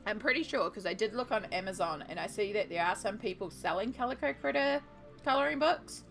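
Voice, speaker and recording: A woman's voice: mid-range voice, animated, a little fast, gravelly. Casting: chatty woman, playful and teasing, art streamer, faint music behind. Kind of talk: casual chat while painting.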